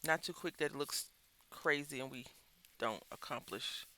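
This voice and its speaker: A man's voice: medium pitch, normal speed, pushed and bright. A man chatting casually to viewers while making a craft album, telling a rambling, candid story and addressing them as y'all. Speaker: craft vlogger.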